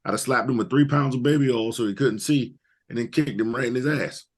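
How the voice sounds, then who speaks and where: A man's voice: mid-range voice, fairly quick, breathy edge. A man co-hosting a wrestling podcast, ranting crudely and jokingly about the show. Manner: loud joking rants with crude slang. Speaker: podcast co-host. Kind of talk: profane comedic wrestling recap.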